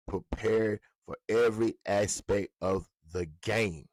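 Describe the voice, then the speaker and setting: A man's voice: fairly low pitch, a little slow, a little mellow, no room sound. A man ranting with profane, mocking, confrontational commentary about a football coach. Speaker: sports commentator.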